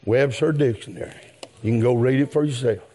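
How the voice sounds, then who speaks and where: Speaking briskly in a mid-range voice, a man preaches a sermon. "My friend" and "yes, sir" recur as refrains while he addresses the congregation, and his delivery swells into shouts at its peaks.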